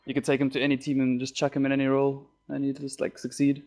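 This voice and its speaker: A man from South Africa, a guest on a gaming podcast, talking in a relaxed, mumbly way with plenty of fillers. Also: mid-range voice, fast talker. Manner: laid-back, mumbly, lots of fillers. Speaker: podcast guest, esports player. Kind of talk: casual interview chat.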